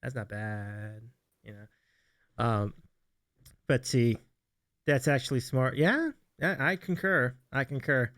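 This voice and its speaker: A man's voice: medium pitch, slow pace, long pauses, a bit bright. A man hosting a casual livestream chat, reading viewer comments aloud and laughing often. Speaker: host.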